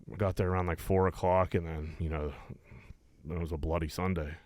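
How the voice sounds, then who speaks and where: A man's voice: low voice, fairly even intonation, brisk, darkish tone, dry recording. A young man from Pittsburgh co-hosting a podcast, telling rambling stories in casual chat and swearing often. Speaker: podcast co-host.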